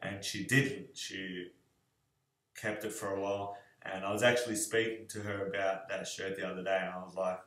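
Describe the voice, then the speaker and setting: A young man answering questions about his fiancée in a relaxed, rambling way, with many fillers. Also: low-pitched, moderate pace. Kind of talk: casual video answers. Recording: echoey room.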